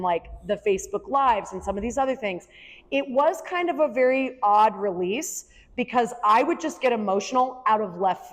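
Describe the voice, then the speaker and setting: Woman guest, average pitch, chatty and filler-heavy, long room reverb. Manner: chatty, lots of "like" and "right?". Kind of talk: candid conversational talk. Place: room with a small audience.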